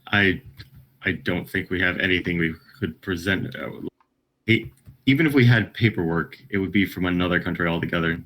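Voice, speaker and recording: Very deep-voiced man playing a tabletop game. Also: fairly quick, fairly bright tone. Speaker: player. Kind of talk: casual tabletop play.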